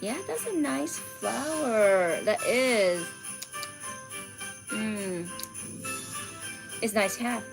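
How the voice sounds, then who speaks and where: Brief: woman art streamer, unhurried, chatty with chat, faint music underneath. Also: medium pitch, animated, vocal fry. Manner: chatty, reads out viewer comments, drifts into soft near-whispers. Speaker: art livestream host. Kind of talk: casual livestream chat with viewers.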